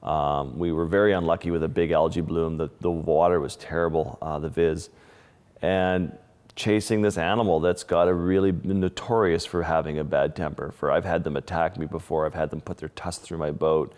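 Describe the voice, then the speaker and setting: With a dark-toned bass voice, steady and at an ordinary speed, a Canadian-born wildlife photographer recounts stories in a relaxed interview. He keeps restarting sentences and leans on fillers, telling things vividly and restlessly, with a long reverb tail on the audio.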